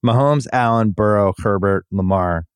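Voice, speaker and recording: Man briskly ranking quarterbacks, dry sound. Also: lowish voice, clear, resonant tone, no echo. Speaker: sports betting podcast host. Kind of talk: casual sports chat.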